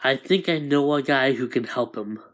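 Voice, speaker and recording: A man voicing a calm, low-key male villain. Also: normal speed, close to an everyday voice.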